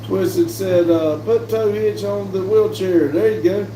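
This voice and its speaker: A man's voice: sits high, measured pace, slight background noise. A man hosting a casual live stream, chatting and reading viewer messages aloud with easy laughs. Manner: relaxed, chatty, laughs easily. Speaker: livestream host. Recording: roomy sound from a distant mic.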